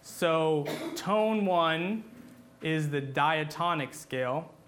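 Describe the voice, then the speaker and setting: A man's voice: fairly high pitch, animated, extremely slow, a bit bright. A man teaching a class on church chant, talking patiently with many fillers and restarts, and singing short examples.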